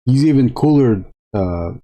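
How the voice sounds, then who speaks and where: A man chatting casually to viewers while drawing on a live stream, rambling with frequent halting restarts. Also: medium pitch, lively intonation, dark tone, highs cut off.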